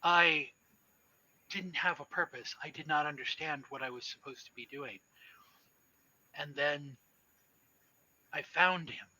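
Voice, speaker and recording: A man voicing a calm, gently cheerful woman devoted to a strange cult, as a game master's character in a tabletop game. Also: on the high side, unhurried, pauses often, exaggerated voice, low-quality recording. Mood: serene. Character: serene cult-devoted woman of no clear age.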